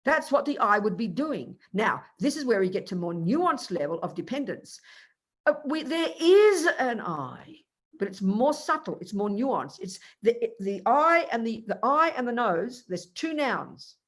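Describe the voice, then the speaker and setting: An older woman, a Buddhist nun, giving an animated, emphatic dharma teaching and acting out small dialogues. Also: on the high side, measured pace.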